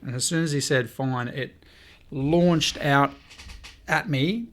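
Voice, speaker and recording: A man's voice: a little high, takes it slowly. A man, a podcast guest telling a story in casual talk, acting out what people said and swearing now and then. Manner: lively, swears, quotes people in dialogue.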